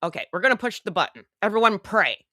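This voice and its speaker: A woman's voice: medium pitch, very animated, fast talker, bright, forceful tone, no echo, studio quality. A woman hosting a casual live stream, talking in a sarcastic, rambling, chatty way. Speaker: online show host.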